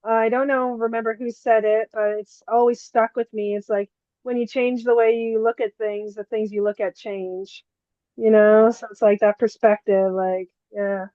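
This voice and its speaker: A woman with a fairly high voice hosts a podcast interview, asking questions in a casual, filler-heavy way. Her audio is dull and completely dry. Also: flat delivery, normal speed, dry recording. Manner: casual, uses many fillers. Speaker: podcast host.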